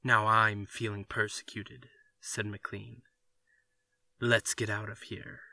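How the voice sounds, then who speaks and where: A man's voice: on the low side, little pitch movement, vocal fry, bright, forceful tone, no echo, full character voice. Level-headed advisor, read by a man, dry and close. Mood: blunt. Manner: measured, blunt advice. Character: calm, frank family doctor friend. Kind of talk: reading a story aloud.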